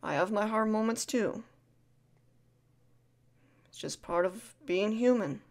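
A woman in a whispered role-play as a caring friend, talking softly and soothingly, repeating comforting words and shushing gently. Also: mid-range voice, takes it slowly. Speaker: ASMR creator playing a caring friend.

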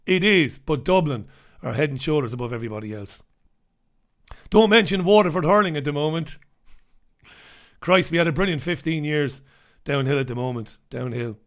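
A man's voice: on the high side, moderate pace, long pauses. Chatty blunt man hosting live radio. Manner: chatty, blunt and animated, swings between loud asides and muttered remarks. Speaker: show host reading listener comments. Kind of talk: casual live radio chat.

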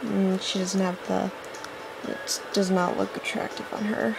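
A woman's voice: mid-range voice, little pitch movement, a little slow, creaky, noisy background. A woman giving casual, rambling gameplay commentary, chatty, often apologizing and getting impatient with the game. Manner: apologetic asides. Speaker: let's-play host.

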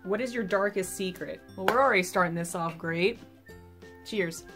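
A woman's voice: mid-range voice, moderate pace, fairly bright tone, soft background music. A young woman YouTuber chatting casually to camera, bubbly and self-mocking.

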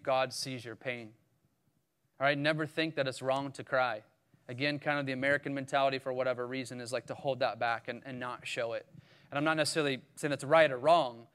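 Conversational preacher, fairly high-voiced man. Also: a bit bright. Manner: conversational preaching, reads scripture aloud, asks congregation questions. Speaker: pastor. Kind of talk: sermon.

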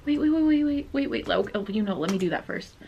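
A woman's voice: medium pitch, brisk, lo-fi sound, slight background noise. A woman hosting a reaction video, talking casually and gushing with lots of exclamations. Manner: excitable, gushing, full of exclamations and "like". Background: the reacted-to music video playing faintly.

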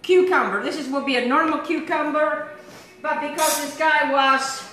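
Bright, chatty woman cooking at home. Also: high-pitched, fairly even intonation, normal speed, echoey room, soft background music, rough recording. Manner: chatty, rambling, enthusiastic. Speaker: cooking show host. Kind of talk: casual cooking demonstration. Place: home kitchen.

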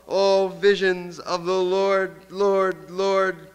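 Guy chanting his poem, high flat voice, slow, echoing hall reverb. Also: smooth. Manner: incantatory, chanting long repeated lines. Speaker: poet. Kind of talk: poetry reading.

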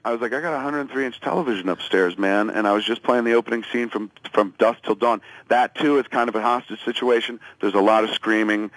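A man's voice: mid-range voice, fast talker, hardly any pauses, a bit bright, dry recording, poor audio. Profane, rambling male storyteller. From US East Coast. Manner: rambling, profane, acts out quotes. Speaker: phone-in guest. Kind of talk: casual comic storytelling.

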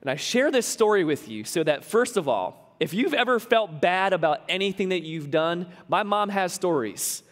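A man with a fairly high voice gives a casual, joking sermon as a pastor. His words ring out with a long reverb, as if he is recorded in a large church hall. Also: expressive, normal speed, hardly any pauses. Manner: conversational preaching with humorous asides.

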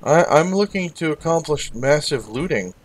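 Here the gaming host sounds a little high and expressive, moving at a moderate pace. His relaxed commentary mixes dry jokes with replies to the characters on screen.

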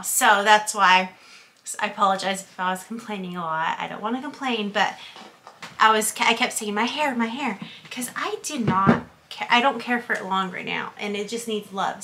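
Chatty young woman with a bright voice. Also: medium pitch. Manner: chatty, rambling, many fillers; whispers at times while baby naps. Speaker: vlogger. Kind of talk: casual vlog chat.

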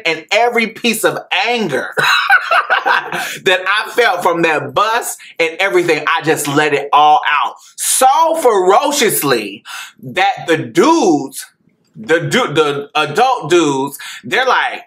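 A woman podcast host telling a personal story, animated and profane, laughing often as she talks. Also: on the low side, slow.

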